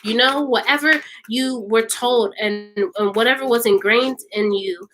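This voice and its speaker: A woman's voice: on the high side, measured pace, a bit bright, soft background music, poor audio. A woman reading tarot cards for viewers in an emphatic, repetitive way, often checking in with "okay?". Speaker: tarot reader.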